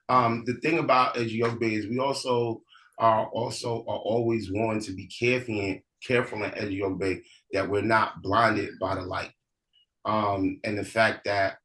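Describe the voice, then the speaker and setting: A man, a priest, teaching and telling a story in a relaxed, conversational way. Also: lowish voice, poor audio. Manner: relaxed, conversational, with frequent restarts.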